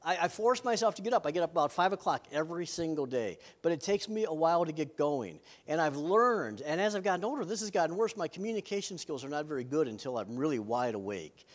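A man's voice: fairly high pitch, expressive, quick pace, few pauses. A middle-aged man, a pastor, preaching a sermon in an earnest way with self-deprecating humor.

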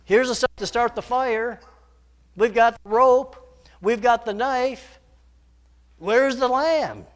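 A man raising his voice to play young Isaac, a trusting son. It is higher and louder than his preaching tone, eager and questioning. It is voiced within a retold sermon story. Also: takes it slowly, long pauses. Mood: puzzled.

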